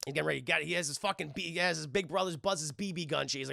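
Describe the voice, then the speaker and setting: A man streamer recapping a film casually, profane and excitable, and constantly talking to his chat. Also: on the high side, rapid-fire, gravelly, no echo, studio quality.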